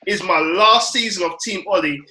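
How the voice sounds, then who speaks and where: A young man, a football fan panelist telling a story with excitement, slangy and acting out his own reactions. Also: sits high, moderate pace. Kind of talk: animated storytelling chat. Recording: roomy studio echo.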